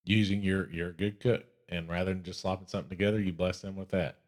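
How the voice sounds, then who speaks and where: A very deep-voiced man with a Texan accent speaks earnestly and reflectively in a casual faith podcast conversation. His delivery is unhurried and sincere. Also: little pitch movement. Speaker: podcast co-host.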